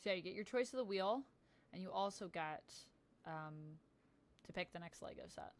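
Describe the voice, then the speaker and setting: Woman in her thirties, livestream host, chatty, upbeat, reads chat aloud, mid-pitched voice. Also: lively intonation, moderate pace. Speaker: streamer.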